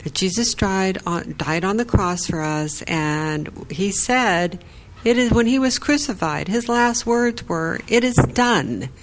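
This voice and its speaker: A woman's voice: medium pitch, animated, takes it slowly, low-quality recording. Woman caller, conversational storyteller, quotes herself and others. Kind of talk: telling a personal church story.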